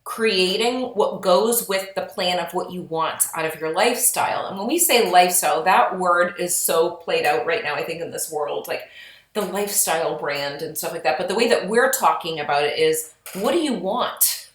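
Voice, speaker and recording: Podcast co-host, a woman, earnest and chatty, slightly low voice, echoey room. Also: normal speed. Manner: chatty, earnest, animated when quoting. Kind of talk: casual podcast talk. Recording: roomy echo.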